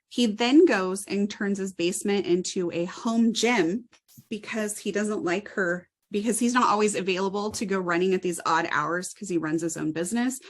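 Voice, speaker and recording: A woman co-hosting a book review chat, summarizing a plot in a steady, plain way. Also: fairly low pitch.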